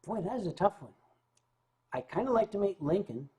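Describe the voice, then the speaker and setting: A man hosting a livestream answers chat casually, a little fast, his stories carried by big pitch swings and shifts in loudness. On serious topics he stumbles and starts over.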